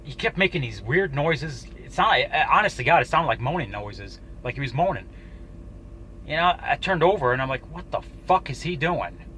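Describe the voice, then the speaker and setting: A man telling a personal story to camera in a casual, halting way, swearing often and restarting his sentences. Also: mid-range voice, animated, pushed and bright, slight background noise, poor audio. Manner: profane, halting, with frequent restarts. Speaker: YouTuber.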